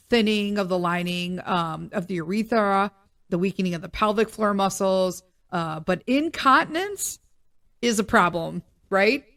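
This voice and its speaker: A middle-aged woman hosting a podcast alone, chatting in an animated, joking way with loud emphatic asides, her voice still recovering from being sick. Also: medium pitch. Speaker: podcast host. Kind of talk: casual solo podcast monologue.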